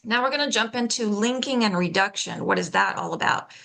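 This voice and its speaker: Bright, gravelly-voiced woman teaching pronunciation. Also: on the high side, very animated. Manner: patient, explanatory, checks in with frequent "okay?"; demonstrates sounds slowly and deliberately. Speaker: pronunciation workshop instructor. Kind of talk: live online workshop teaching.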